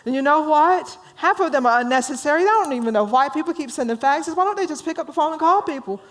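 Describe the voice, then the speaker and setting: A woman's voice: high voice, animated, fast talker, voice pushed up. A woman voicing a chatty, sensitive male office clerk who rambles anxiously and is eager to please. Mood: cheery chatter.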